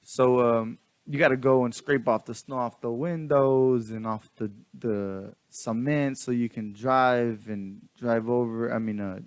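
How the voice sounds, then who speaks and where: Rich: A man recounts a neighborhood story in a loose, slangy way, circling back and restarting his sentences. His pitch sits in a middle range, and the recording is dry and close, with no room sound. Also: fairly even intonation, a little slow, few pauses, clean tone, no room sound. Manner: rambling, many restarts, laughs often. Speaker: vlogger. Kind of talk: casual storytelling.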